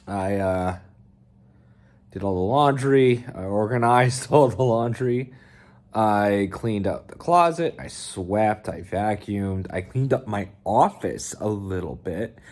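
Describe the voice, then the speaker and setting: Casual male vlogger, unhurried delivery, tired, rambling. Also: medium pitch. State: tired, low energy. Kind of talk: casual vlog talk.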